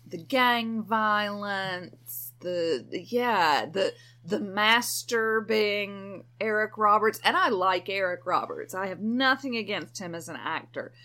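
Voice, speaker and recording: A woman's voice: mid-range voice, slow pace, few pauses, pushed and bright. A woman, co-hosting a podcast in blunt, wry casual chat. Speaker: podcast co-host.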